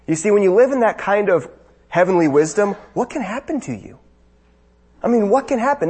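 A man delivers a sermon with a somewhat husky, slightly high voice. He preaches through strings of rhetorical questions and rises to emphatic declarations. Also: sing-song, brisk, pauses often, a little mellow.

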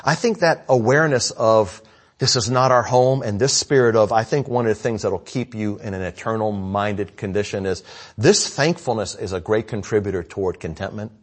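A male pastor preaching in a conversational way, asking the congregation questions and calling for amen, swinging from loud to hushed. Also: fairly low pitch, normal speed. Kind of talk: sermon.

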